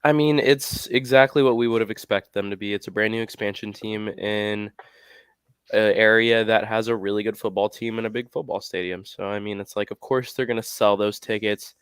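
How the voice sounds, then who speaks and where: A man co-hosting a casual podcast, speaking in a calm, matter-of-fact way. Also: lowish voice, moderate pace, smooth, no echo. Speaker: podcast co-host.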